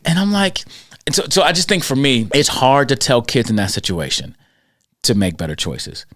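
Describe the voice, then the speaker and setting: A man hosting a podcast, telling stories about school kids in an animated, conversational way that slips into quoted voices. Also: mid-range voice, normal speed, no echo. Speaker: podcast host and school character-education speaker. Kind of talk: conversational storytelling.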